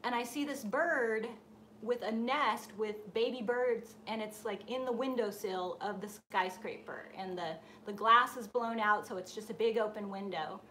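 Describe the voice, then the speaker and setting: A woman with a slightly high voice tells a story live to her creative group. She talks casually and acts out the voices in her anecdotes. A faint hiss runs under the stream. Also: measured pace, pushed and bright. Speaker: host of a painting and design group. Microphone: live stream setup.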